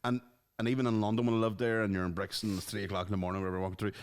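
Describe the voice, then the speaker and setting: Fast-talking man bantering. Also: lowish voice, flat delivery, smooth. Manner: quick banter, dry interjections. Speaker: podcast co-host. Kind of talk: casual comedic chat.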